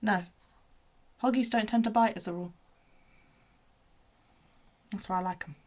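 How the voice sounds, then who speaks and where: A woman's voice: mid-range voice, normal speed, darkish tone. A woman chatting casually on a home livestream. She swears freely and coos at her pets.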